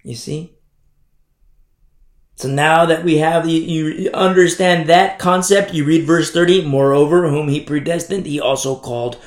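A man's voice: fairly high pitch, fairly even intonation, unhurried. A man preaching a sermon as pastor, pressing home his points with repeated rhetorical questions. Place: church hall. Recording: echoey church room.

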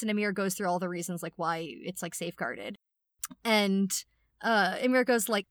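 A woman co-hosting a casual podcast chat, animated, reading out quoted lines from a story. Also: medium pitch, moderate pace, dry recording. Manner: animated, reads out quoted lines with dry voices. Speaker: podcast co-host.

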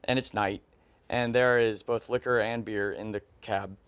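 A man's voice: lowish voice, fairly even intonation, normal speed, a bit bright, clear, resonant tone, no room sound. A man telling a story to friends in casual chat, laying out the details step by step. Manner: methodical, sets out details step by step.

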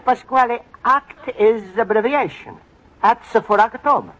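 A man's voice: very high voice, unhurried, a bit bright, slight background noise. An actor playing an earnest, befuddled Italian immigrant man with an Italian accent and broken English, in a 1940s radio sitcom. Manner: broken English, anxious and sincere. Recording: muffled old radio broadcast with audience laughter.

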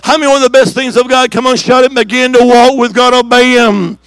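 A man preaching a revival sermon as an evangelist in a church service, with rhythmic repeated declarations and shouted calls for the congregation to answer. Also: very high-pitched, flat delivery, a little fast, smooth, dry recording. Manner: fiery preaching with shouts and call-and-response.

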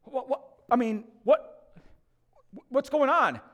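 A preacher putting on a confused angel at heaven's gate who stumbles over his words. The voice rides high and swings around a lot as he fumbles for help. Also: expressive, takes it slowly, a bit bright, full character voice. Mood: flustered. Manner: flustered, stammering. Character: baffled male gatekeeper angel at heaven's gate.

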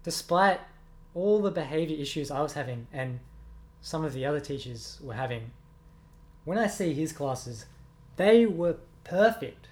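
A man's voice: fairly high pitch, lively intonation, a little slow, darkish tone. A young man, a music teacher giving earnest, reflective interview answers with many ums. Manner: earnest, reflective, with frequent ums and self-corrections.

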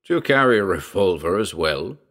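A man's voice: low-pitched, sing-song, a little fast, fairly bright tone, heavily acted. A male narrator voicing a tidy, sardonic baronet who speaks in a dry, mildly mocking way.

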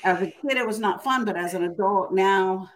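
A woman's voice: medium pitch, normal speed. An older woman, an author and interview guest, telling her story in a casual, emphatic way and often tagging her sentences with "right?". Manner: emphatic, keeps adding "right?".

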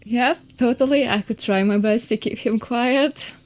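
A woman's voice: on the high side, measured pace. A woman playing a tabletop game, teasing the others in a playful way. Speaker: player. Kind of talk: casual tabletop play.

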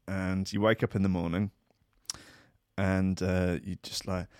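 A man's voice: sits low, moderate pace, long pauses, clean tone, no room sound, clean studio sound. A man as podcast host, doing a sweary comedic monologue that keeps slipping into voices and outbursts. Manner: animated, sweary, slips into voices and shouts.

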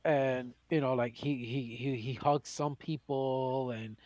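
A man co-hosting a morning show, talking in playful, quick casual banter and laughing often. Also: mid-range voice, steady tone, darkish tone, no echo. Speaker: show co-host.

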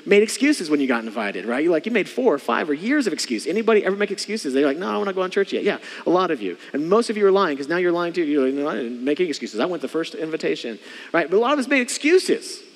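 A man's voice: on the high side, big-room sound. A man preaching a sermon as pastor, emphatic and leading the congregation in call-and-response. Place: church sanctuary.

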